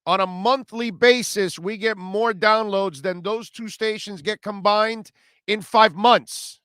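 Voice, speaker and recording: Middle-aged guy ranting on sports radio, blunt and preachy, pitched kinda high. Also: measured pace, bright, forceful tone, clean tone, no echo, clean studio sound. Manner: blunt, preachy, punchy and emphatic. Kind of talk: opinionated sports talk monologue.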